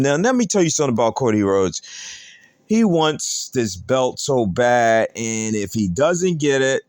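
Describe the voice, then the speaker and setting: A man's voice: medium pitch, sing-song, measured pace, darkish tone, no echo. A man hosting a wrestling news show, emphatic and repetitive, firing off rhetorical questions. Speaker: host.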